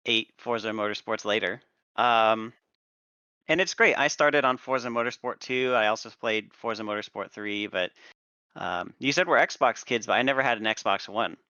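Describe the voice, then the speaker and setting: A young man co-hosting a gaming podcast, explaining at a measured pace with hesitant pauses, on a slightly dull recording. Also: lowish voice, bright, forceful tone, clear, resonant tone, no echo. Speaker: podcast co-host. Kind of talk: casual chat.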